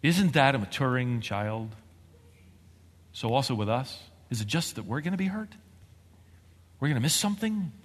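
A man preaching a sermon as a pastor, talking with animated emphasis that climbs to excitement. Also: medium pitch, normal speed, long pauses, slightly rough, in a large hall.

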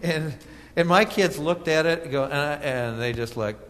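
A man's voice: on the high side, normal speed, fairly bright tone, long reverb tail. A middle-aged male pastor preaching a sermon, telling a personal story with laughs and restarts before reading scripture. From Minnesota.

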